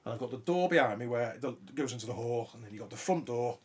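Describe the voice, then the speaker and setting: A man's voice: mid-range voice, lively intonation, fast talker, husky. A man, hosting a podcast and telling a ghost story in a casual, sweary way. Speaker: podcast host.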